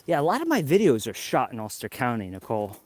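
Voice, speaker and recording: In a live outdoor vlog in the snow, a New York host walks and chats to his viewers, rambling and slightly breathless. At medium pitch, his voice swoops wildly and moves fast, with no echo.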